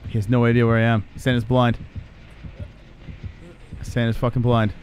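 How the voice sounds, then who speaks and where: A man giving live commentary on his own gameplay, swearing and reacting in excitable panic. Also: medium pitch, moderate pace, a little hiss or hum. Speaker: streamer.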